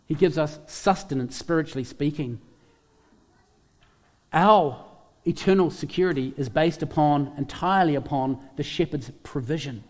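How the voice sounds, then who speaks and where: A man's voice: a little high, normal speed, a little mellow, big-room sound. A man preaching a sermon, emphatic, repeating key phrases and putting questions to his listeners. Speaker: pastor.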